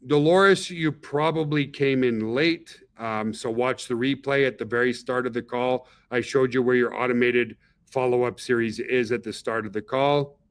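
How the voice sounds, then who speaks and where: A man's voice: mid-range voice, normal speed, few pauses, smooth. Chatty man hosting a webinar. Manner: chatty, peppers talk with "okay?" and "guys". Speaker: webinar host, company founder. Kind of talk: casual webinar talk.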